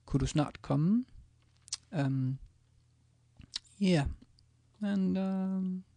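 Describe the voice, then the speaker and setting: A man's voice: sits high, drawn-out words, gravelly, warm tone, no echo. A man teaching a language in a casual screencast, hesitant, with many ums and restarts as he types examples. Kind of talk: screencast lesson, typing examples.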